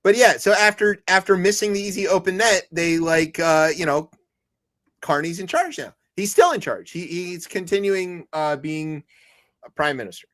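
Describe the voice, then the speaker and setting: Rambling jokey man, higher voice. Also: expressive, normal speed, fairly bright tone. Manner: rambling, jokey, many restarts and put-on quotes. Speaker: podcast co-host. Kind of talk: comedic news chat.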